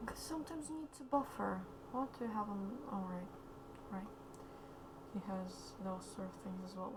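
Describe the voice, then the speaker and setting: A woman streamer talks softly as she draws, rambling and repeating okay to fill the pauses. Her throat is slightly sore, and steady noise sits clearly behind her voice. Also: mid-range voice. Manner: quiet, rambling, says okay a lot. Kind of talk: casual commentary while drawing.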